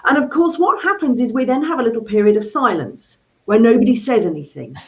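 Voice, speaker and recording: A woman's voice: fairly high pitch, brisk. A middle-aged woman, a money coach chatting and telling stories, often acting out voices. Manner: animated storyteller, acts out voices. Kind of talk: casual video chat. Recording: dull lo-fi sound.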